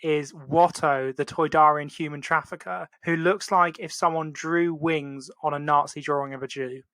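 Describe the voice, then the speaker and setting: Man, podcast host, bright tone, slightly high voice, rambling casual chat, dry sound. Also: normal speed, no echo. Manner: animated, rambling with many "like"s. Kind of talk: casual banter.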